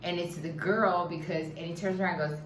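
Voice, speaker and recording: Low-voiced woman telling stories, echoey room. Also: fairly even intonation, a little fast, noisy background. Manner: storytelling, drops into Spanish phrases. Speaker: co-host. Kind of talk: casual chat. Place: living in the Dominican Republic.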